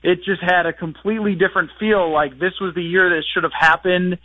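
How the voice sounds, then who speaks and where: A man chats about football on sports radio, rambling and joking and laughing. His voice sits high. The sound is dull and lo-fi. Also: fairly even intonation, fairly quick, dry recording. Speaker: football writer and podcast host, guest. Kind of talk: casual sports radio chat.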